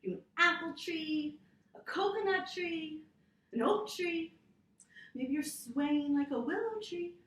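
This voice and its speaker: A woman teaching yoga to children, reading a story aloud in a gentle, encouraging way and roaring and meowing with them. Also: very high-pitched, slow pace, distant mic. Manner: gentle, encouraging, playful animal sounds. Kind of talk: storytime with kids' yoga instruction. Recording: echoey room.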